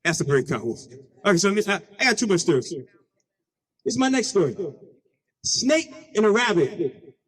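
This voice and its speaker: Man, keynote speaker, very high voice, animated, slangy, call-and-response storytelling. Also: fairly quick, long pauses, husky, in a large hall. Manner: playful, slangy. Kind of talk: storytelling speech.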